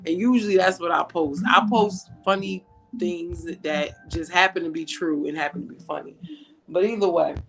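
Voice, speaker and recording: A woman hosting a casual online panel chat, telling stories in a drawn-out way and laughing often. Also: fairly low pitch, a bit bright. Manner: slow, drawn-out, laughing storyteller. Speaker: panel host.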